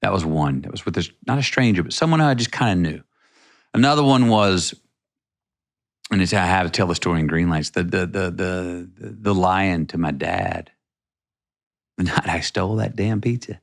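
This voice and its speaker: A man's voice: low-pitched, normal speed, vocal fry. A middle-aged man from Texas, a podcast guest telling a personal story in a rambling, vivid way with many restarts.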